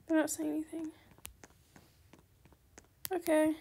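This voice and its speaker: A woman hosting a casual gaming video, chatty and excitable, politely turning down trade offers as she plays. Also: sits high, slow, creaky, slight background noise. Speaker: gaming channel host. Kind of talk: casual gameplay commentary.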